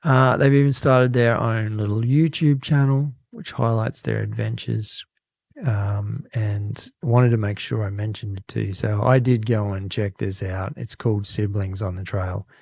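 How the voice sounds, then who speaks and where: Gravelly man reading listener mail. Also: on the low side, steady tone, measured pace, darkish tone, no echo, clean studio sound. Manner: rambling, laughing, self-correcting. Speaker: podcast co-host. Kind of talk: casual podcast chat reading a listener email. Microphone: studio microphone.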